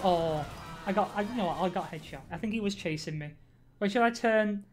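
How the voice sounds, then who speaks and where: A woman live-streaming a game, chatting casually with her viewers, reacting out loud, swearing and laughing often. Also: medium pitch, fairly quick, soft background music. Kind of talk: casual gaming commentary.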